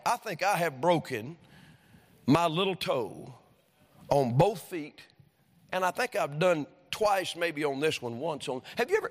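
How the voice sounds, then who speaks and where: A man's voice: fairly high pitch, fairly bright tone. A male pastor preaching in a church, telling homespun stories that build into fervent preaching. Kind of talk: sermon. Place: church sanctuary. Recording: long reverb of a church hall.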